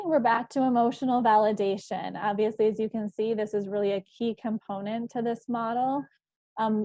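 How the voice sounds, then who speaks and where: A woman psychologist giving a parenting presentation, explaining in a calm, measured way with an occasional "um". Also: a little high, dry recording. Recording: slightly dull, muffled recording.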